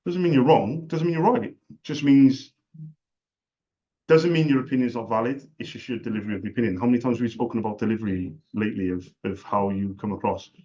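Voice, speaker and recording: A man's voice: mid-range voice, steady tone, fast, dark tone. A man who runs a small business, chatting casually and making a sales call, earnest and repeating himself as he talks. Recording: dull lo-fi recording.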